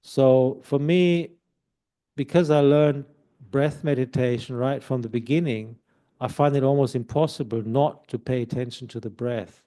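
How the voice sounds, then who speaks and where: A man, a Buddhist monk, giving calm, explanatory meditation instruction at a retreat centre, sometimes softly demonstrating a mantra. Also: medium pitch, a little slow.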